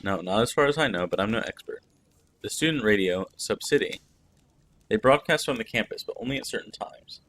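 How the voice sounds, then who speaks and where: A man reading the lines of a friendly middle-aged Greek cook in a narrative game, in a relaxed, matter-of-fact way. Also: on the low side, a little fast. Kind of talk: reading game dialogue aloud.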